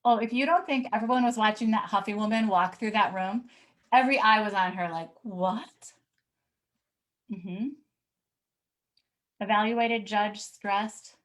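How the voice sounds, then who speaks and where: A woman's voice: mid-range voice, moderate pace, a bit bright, rough recording. A woman educator giving a live online talk, telling a classroom story, acting out the people she quotes and reading replies from the chat.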